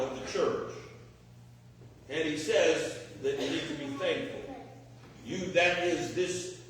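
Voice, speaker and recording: A man's voice: a little high, slight background noise. A man with a Texan accent, a pastor preaching a sermon in a church, talking in a conversational way with rhetorical questions and everyday examples. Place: church sanctuary. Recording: echoey church hall, mic at a distance.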